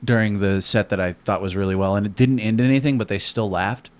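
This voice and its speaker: Young male comic host, low voice, profane and animated storyteller. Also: a little fast. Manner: profane, animated, acts out quotes loudly. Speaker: comedian podcast host. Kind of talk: casual storytelling chat.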